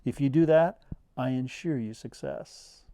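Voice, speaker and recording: A middle-aged man teaching bass students how to practice, talking earnestly and casually to camera. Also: measured pace, mellow, no room sound. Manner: earnest, conversational coaching with quoted student voices. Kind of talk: direct-to-camera music lesson.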